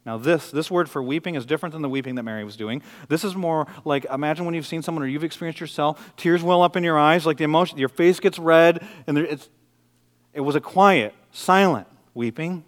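Man, middle-aged pastor, from the Detroit area, passionate sermon, loud peaks and hushed asides. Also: a little high, brisk, in a large hall. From Detroit area, USA. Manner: passionate, swinging between loud intensity and quiet intimacy.

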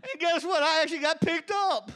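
A man telling his personal testimony to an audience, animated and often laughing mid-sentence as the story builds. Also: extremely high pitch, brisk. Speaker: speaker giving a personal testimony.

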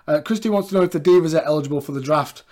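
Talking very fast in a slightly high, somewhat mellow voice, this podcast co-host goes over wrestling in a casual chat. There's lots of laughter, and he delivers quoted lines in put-on voices.

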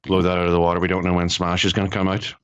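A man's voice: low voice, monotone, very fast, fairly bright tone, clean tone, no room sound, highs cut off. A man co-hosting a podcast in casual chat, with sardonic, exasperated rants. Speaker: podcast co-host.

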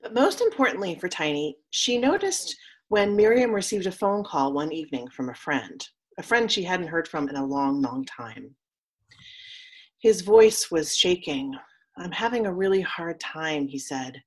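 A woman minister delivering a story sermon in a soft, slow, solemn manner, leading a call and response. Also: lowish voice, big pitch swings, husky.

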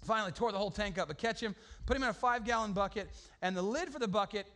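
A pastor tells a sermon story in a high, bright voice. He is animated and funny, full of casual slang, and bursts into loud shouts at the funny parts. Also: rapid-fire.

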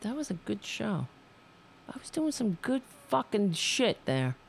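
Woman streamer, gravelly voice, swings widely in pitch, swears freely and talks to herself. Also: sing-song, unhurried, slight background noise. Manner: profane, self-scolding, rambling. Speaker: livestream host. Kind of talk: casual livestream chat.

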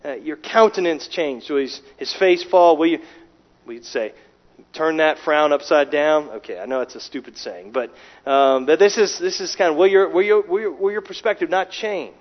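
A man's voice: on the high side, normal speed. A man preaching a sermon, emphatic, with rhetorical questions and frequent restarts. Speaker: pastor. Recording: dull sound with long hall reverb.

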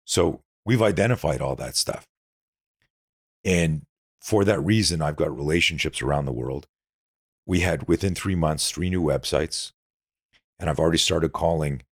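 A man's voice: rumbling low, normal speed, pauses often, breathy edge, no echo, studio quality. A middle-aged man, a self-defense instructor, telling stories intensely as a guest in a casual podcast interview. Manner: intense, animated storyteller with frequent restarts.

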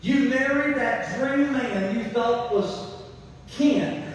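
A man preaches with lots of emphasis and a very high voice. His sermon rings through a big church hall, picked up from far off with long reverb and faint ambience. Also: takes it slowly, a little hiss or hum. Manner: animated, emphatic preaching with asides to the congregation. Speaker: pastor. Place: large church sanctuary.

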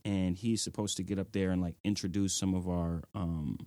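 A man's voice: low voice, steady tone, normal speed, mellow, no echo. A young man, the guest of an interview, telling personal stories earnestly and filling his speech with "like" and "you know". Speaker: nonprofit executive director, guest. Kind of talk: reflective interview storytelling.

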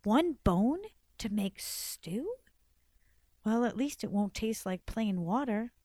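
A woman's voice: medium pitch, animated, slow, warm tone, no echo, clean studio sound. A woman voicing a timid, polite young girl who speaks in a meek, half-whispered voice.

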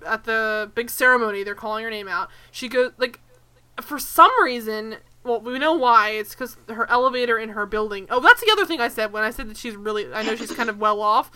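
A woman's voice: on the high side, brisk, pushed and bright, clean tone. A woman co-hosting a podcast in casual chat, ranting with animation, swearing and laughing as she talks. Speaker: podcast co-host.

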